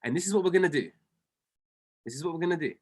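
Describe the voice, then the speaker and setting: A man's voice: a little high, expressive, rapid-fire, a little mellow, breathy edge. A man coaching traders on a group video call, fervent and repetitive, speaking to listeners by name. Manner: fervent, repeats lines for emphasis, addresses listeners by name. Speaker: trading coach.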